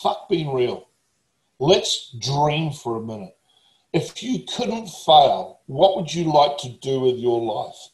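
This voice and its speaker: A man's voice: medium pitch, animated, slow, darkish tone, reverberant, poor audio. A man, a motivational speaker talking casually, blunt, emphatic and swearing heavily. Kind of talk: casual talk.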